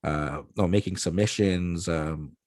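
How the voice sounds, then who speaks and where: A man's voice: sits low, measured pace, a little mellow, no echo, studio quality. A man hosting an interview, asking long, rambling questions with many fillers. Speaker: host, interviewer.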